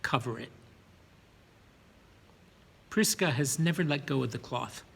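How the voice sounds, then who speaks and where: A man's voice: fairly high pitch, fairly quick, gravelly, long reverb tail. A man narrating a first-person story, sometimes repeating words as he reads.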